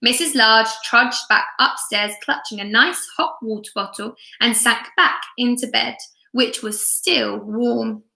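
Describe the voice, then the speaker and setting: A woman reading a storybook aloud to young children in an expressive manner, chatting with her viewers between lines. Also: fairly high pitch, unhurried, creaky. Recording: echoey room.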